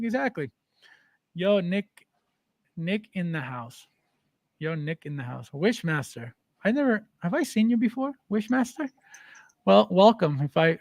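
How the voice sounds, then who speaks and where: A man's voice: high-pitched, no room sound. A man hosting a livestream, reading viewer comments aloud and answering them in a defiant, repetitive way. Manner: defiant, repeats phrases, talks back to chat. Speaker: livestream host.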